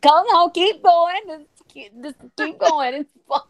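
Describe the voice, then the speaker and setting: A woman's voice: very high voice, slow pace. A woman hosting a crude casual chat who eggs her guest on. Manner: egging the guest on, laughing, crude. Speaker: host.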